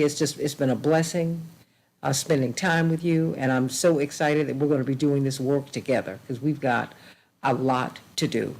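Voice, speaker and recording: A woman's voice: low-pitched, darkish tone, rough recording. Effusive female talk show host. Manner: effusive, repeats blessings and affection.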